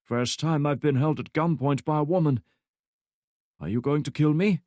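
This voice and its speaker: A man voicing a gruff Norwegian driver in his eighties who speaks in a flat, calm and wry way. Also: on the high side, normal speed, no room sound, studio quality, voice pushed up, lightly acted.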